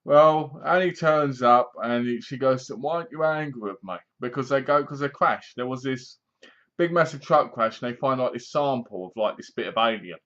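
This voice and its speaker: A man's voice: mid-range voice, moderate pace, fairly bright tone. A man with an English accent giving a casual, rambling movie review that sounds sarcastic. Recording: dull lo-fi recording.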